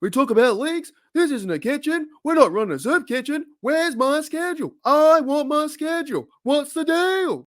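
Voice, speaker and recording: A man's voice: very high-pitched, animated, normal speed, few pauses, pitched above the performer's own voice. A man with an Australian accent doing an impression of a whiny male stand-up comic, firing off indignant rhetorical questions. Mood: ranting.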